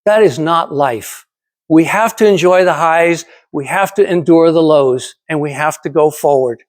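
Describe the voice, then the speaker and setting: A man in his seventies delivers a prepared motivational speech to a speaking club. His voice sits high for a man. He speaks emphatically, poses rhetorical questions to the audience and hammers his points home through repetition. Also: unhurried. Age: 70s.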